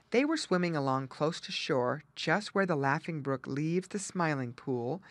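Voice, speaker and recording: Lively woman narrating a children's audiobook. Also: sits low, dry recording. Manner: lively, expressive storytelling. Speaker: audiobook reader.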